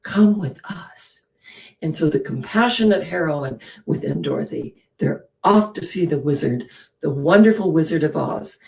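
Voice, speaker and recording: Woman minister, sermon, gravelly voice, storytelling, rhetorical questions, hushed whispers. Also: low voice, expressive, moderate pace.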